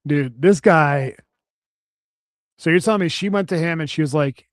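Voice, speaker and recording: A man's voice: on the high side, normal speed, pauses often, dry recording. A man co-hosting a comedy podcast in loose, crude banter that is full of fillers. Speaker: podcast co-host.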